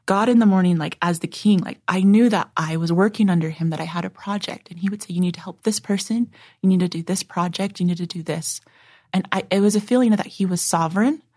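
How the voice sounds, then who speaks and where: A young woman earnestly sharing a personal faith testimony, reflective and full of filler words, sometimes dropping to a soft hush. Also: on the low side, no room sound, clean studio sound.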